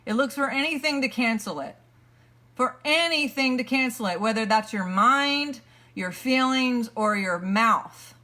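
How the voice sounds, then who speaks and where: Energetic woman coaching a self-help talk. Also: fairly high pitch, a little slow. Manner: energetic, repetitive, explains points step by step. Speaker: motivational coach.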